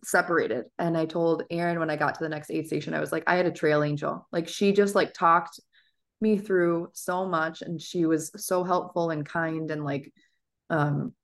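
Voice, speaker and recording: A woman with a deep, low-pitched voice co-hosts a casual podcast. She tells stories in an easygoing, animated way, full of filler words. She sounds like someone in her thirties talking with a friend. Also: moderate pace. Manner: animated storytelling, chatty, with fillers. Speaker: podcast co-host. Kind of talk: casual chat.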